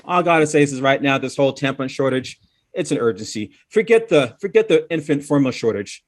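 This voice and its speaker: A man's voice: medium pitch, animated, quick pace. A middle-aged man from Chicago doing a stand-up comedy set in a comedy club, talking loosely with stumbling restarts and laughing at his own jokes. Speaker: stand-up comic.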